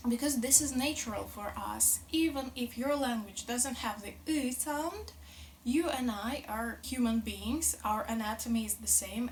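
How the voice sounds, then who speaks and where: Slow, patient woman teaching pronunciation. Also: fairly high pitch, a little hiss or hum. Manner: patient, drills sounds slowly and repeats them. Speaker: language teacher. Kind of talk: pronunciation lesson.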